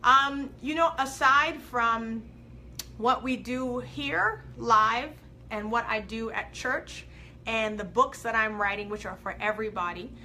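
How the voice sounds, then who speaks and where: Bright-voiced woman hosting a live faith talk. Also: on the high side, measured pace. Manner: animated, reads viewer comments aloud, preacherly swings from loud to soft. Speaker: host of a live faith and life coaching show. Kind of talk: live video talk, inspirational preaching.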